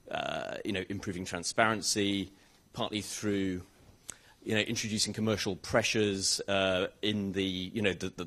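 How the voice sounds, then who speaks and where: A man answers a conference question in a halting way. He restarts and hedges often as he works through his points. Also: sits low, a bit bright. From United Kingdom. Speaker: rail regulator chief executive on a panel. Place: conference hall.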